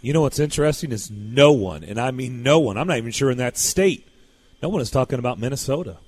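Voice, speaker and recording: A man's voice: mid-range voice, expressive, fast talker, a little mellow, husky. A man hosting a sports radio show, joking playfully with his guest and co-host.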